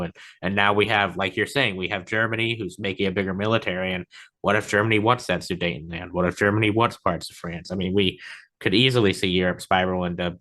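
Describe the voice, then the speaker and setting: Low-voiced guy hosting an interview, bright tone, casual what-if talk. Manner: casual and speculative. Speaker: interview host. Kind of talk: interview conversation.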